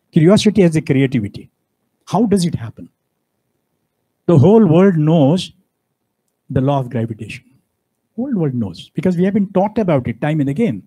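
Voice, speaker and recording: A man delivers a university lecture. His voice is mellow and husky, and he presses his points hard, stopping often to ask the audience rhetorical questions. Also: fairly high pitch, poor audio. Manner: emphatic, preachy, fond of rhetorical questions. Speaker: guest speaker.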